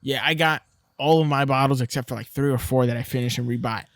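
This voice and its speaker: A man's voice: mid-range voice, fast talker, no room sound, studio quality. A man co-hosting a podcast, chatting casually, cursing often and acting out voices when he retells things. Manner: loud, profane, animated when retelling, does voices of others. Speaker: podcast co-host. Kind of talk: casual chat.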